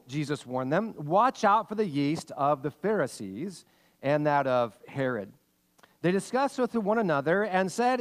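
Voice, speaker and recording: A man preaching a sermon as pastor, reading scripture and telling a lively family story in animated bursts. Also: fairly high pitch, moderate pace. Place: church sanctuary. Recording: long hall reverb.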